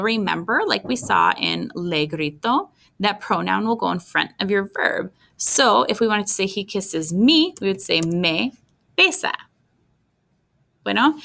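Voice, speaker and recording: A woman's voice: medium pitch, creaky, sharp tone. A woman teaching a recorded Spanish lesson, explaining step by step and checking in with her students.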